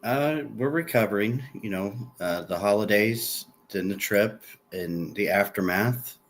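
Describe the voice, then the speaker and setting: A man's voice: lowish voice, measured pace, slight background noise. A man co-hosting a podcast, talking in a laid-back, wry way. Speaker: podcast co-host. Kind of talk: casual chat.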